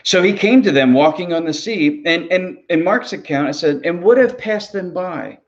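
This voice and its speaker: A man's voice: a little high, lively intonation, normal speed, muffled recording. A man, a ministry pastor, preaching a sermon in an earnest, conversational way, often repeating words as he goes.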